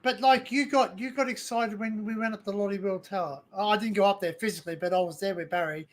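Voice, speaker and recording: A man's voice: high-pitched, fairly even intonation, fast talker. A man with an Australian accent hosting a casual chat, eager, repeating himself and cutting in. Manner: eager, repeats himself, talks over others. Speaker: host.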